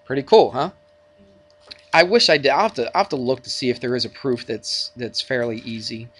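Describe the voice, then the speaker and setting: A male math teacher giving a lesson in his classroom, at an ordinary middle pitch. He is chatty and jokey and trades playful remarks with his students as he works through problems. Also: a little fast, a bit bright. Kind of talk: classroom lecture.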